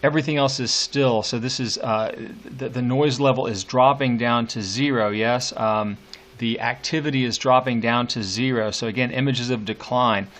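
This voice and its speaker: A man's voice: medium pitch, steady tone, moderate pace, a bit bright. A man giving a recorded lecture on a poem, explaining patiently and thinking aloud with frequent fillers and restarts. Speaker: literature teacher.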